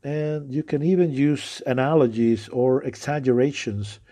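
A man preaching a sermon in an earnest way, pausing often and using fillers as he speaks. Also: mid-range voice, warm tone. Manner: earnest, with frequent pauses and fillers.

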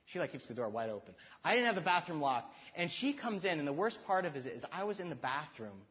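A man's voice: a little high, very animated, fast talker, muffled recording. A man in his thirties giving a heartfelt talk on marriage, earnest and self-deprecating, stumbling into restarts. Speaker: speaker to married couples.

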